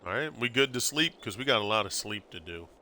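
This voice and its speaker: A middle-aged man chatting casually on a gameplay stream, telling stories in a lively way. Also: fairly low pitch, quick pace, slight background noise. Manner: animated storyteller, acts out quotes with laughs.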